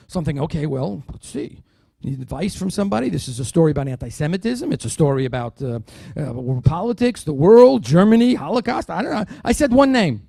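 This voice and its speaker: This man delivers a dinner keynote in a fairly high, creaky and slightly rough voice, talking fast. He's animated, telling a story with funny asides and performing the dialogue in quotes. Studio quality, no echo.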